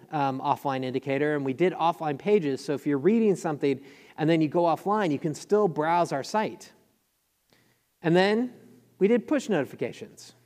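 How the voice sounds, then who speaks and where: Fast-talking enthusiastic man in a hall. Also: high-pitched, darkish tone. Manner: fast, enthusiastic, filler-heavy. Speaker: conference speaker. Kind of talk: conference talk. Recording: long hall reverb.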